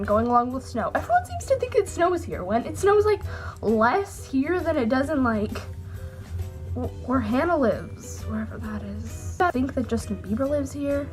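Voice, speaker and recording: Woman, high voice, chatty and jokey vlog talk, a bit under the weather, faint music behind. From Canada. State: slightly sick with a cold. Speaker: vlogger. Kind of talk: casual chat to camera.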